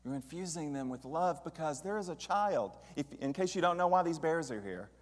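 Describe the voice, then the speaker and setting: A man giving a relaxed, conversational sermon at a church, often putting questions to the congregation. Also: a little high, fairly quick. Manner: conversational, asks the audience questions. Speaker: speaker at a church service. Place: church sanctuary. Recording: long hall reverb.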